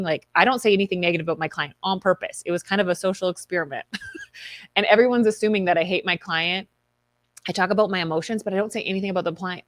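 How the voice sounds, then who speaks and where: A woman's voice: mid-range voice, dry recording. A woman hosting a live stream, reading viewer comments and telling candid stories with quoted inner voices.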